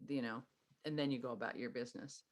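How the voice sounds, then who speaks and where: A middle-aged woman giving parenting advice in casual conversation, animated and acting out what parents and kids say. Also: very deep voice, fast. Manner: animated, acts out parent and child lines in a sing-song voice. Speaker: parenting expert guest.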